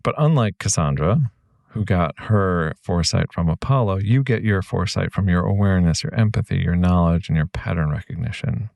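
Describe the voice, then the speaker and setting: A man's voice: deep voice, fairly quick, vocal fry, a little mellow, no room sound, clean studio sound. A man hosting a reflective podcast monologue, speaking earnestly and reassuringly straight to the listener. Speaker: podcast host.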